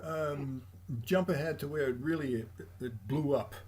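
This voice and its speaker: An older man, a jazz bassist, telling stories as a guest in a casual interview and acting out the voices of the people he quotes. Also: moderate pace, slightly rough. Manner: animated anecdotes, acts out quoted voices.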